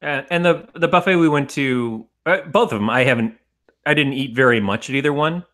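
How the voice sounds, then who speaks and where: A man with a bright, forceful voice rambles through casual podcast chat. He swears freely and laughs as he goes. His pitch sits at an ordinary middle height for a man. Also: fairly quick. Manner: rambling, profane, laughs often. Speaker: podcast co-host.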